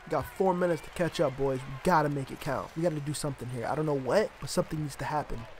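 A man's voice: on the high side, quick pace. A young man casually commentating his own basketball video game, muttering, swearing and trash-talking the players on screen. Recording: home recording with clear background noise.

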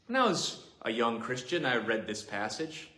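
Bright-voiced man preaching a sermon. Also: mid-range voice, big pitch swings, normal speed. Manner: earnest, emphatic preaching with repetition. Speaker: pastor. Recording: roomy echoing hall.

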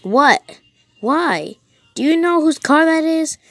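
A frightened teenage girl home alone, panicky and full of questions, as a woman reads her part. The voice sits fairly high and sounds close and dry, with no room around it. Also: animated, takes it slowly, no echo, heavily acted. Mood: scared. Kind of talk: reading a text-message horror story aloud.

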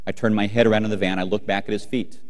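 Talking very fast in a lowish voice, a middle-aged man delivers a comic storytelling keynote before a live audience. Long reverb fills the large hall as he animatedly plays out family scenes and addresses the crowd directly.

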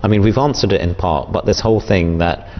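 A man hosting a studio panel discussion, calmly putting questions to his guests. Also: low-pitched. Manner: measured, posing questions to panelists. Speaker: show host. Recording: dull lo-fi sound, faint noise.

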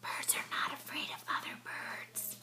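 A cheerful little male mole from a children's storybook, read aloud by a woman. He plays at being a bird, sounds bright and lively, and his lines bounce up and down as he talks. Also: high voice, slow pace, pitched above the performer's own voice, heavily acted. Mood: whispering.

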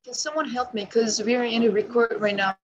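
A woman's voice: fairly high pitch, fairly even intonation, brisk, lo-fi sound, a crowd in the background. A woman taking part in an online workshop, sounding eager and a little flustered as she joins in from a room with other people. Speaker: workshop participant. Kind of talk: casual remarks on a video call.

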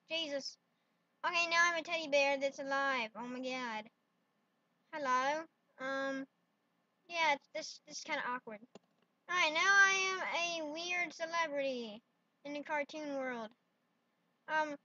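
A woman's voice: sits high, a little slow, pauses often, bright, forceful tone. A woman hosting a playful solo vlog, talking in a giggly, silly way full of exclamations. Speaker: vlogger. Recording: dull lo-fi dry sound.

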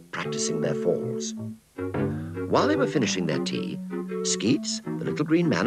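A man narrating a children's story in an expressive, scripted storytelling manner. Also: lowish voice.

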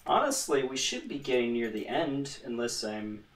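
A man's voice: medium pitch, very animated, moderate pace, recorded from a distance. A man hosting a gaming channel, giving casual let's-play commentary in a rambling, joking, self-mocking way, recorded in a roomy space with his voice away from the microphone. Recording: roomy echo, voice away from the mic.

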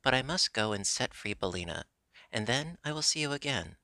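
A man voicing an earnest, proper young girl in a storybook reading, speaking a little higher and primly. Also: lively intonation, brisk, vocal fry, sharp tone, dry recording.

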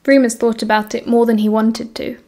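A woman with a British accent narrating an audiobook in a steady storytelling manner. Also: a little high, a little fast. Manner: steady storytelling, voicing characters.

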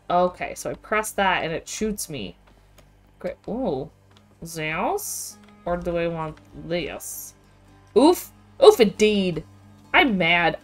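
Woman game streamer, casual, exclaiming, slow, lower pitch, faint game music. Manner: expressive, exclaiming and reacting aloud. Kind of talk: casual live game commentary. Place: home with webcam.

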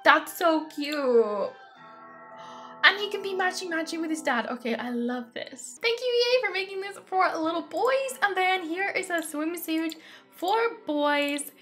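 High, lively, gushing young woman. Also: a little slow, soft background music. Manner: gushing and excitable, frequent gasps. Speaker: gaming YouTuber. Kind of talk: game review commentary.

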